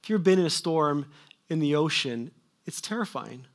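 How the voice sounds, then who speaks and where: Man, preacher, fairly high voice, sermon, loud questions and soft trailing asides. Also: animated, moderate pace. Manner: swings between loud emphatic questions and quiet trailing asides.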